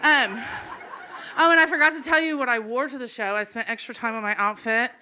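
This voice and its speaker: Woman storyteller, middle-aged, live comedy set; bright tone, slightly high voice, animated and laughing. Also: a little fast, clear, resonant tone. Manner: animated, laughing as she tells it. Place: live stage before an audience.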